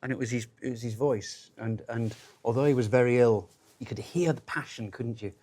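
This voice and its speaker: Scottish man in his fifties, emphatic storyteller at a relaxed dinner chat, mid-range voice. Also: mid-range voice, fairly quick. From Scotland. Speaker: former Ryder Cup captain.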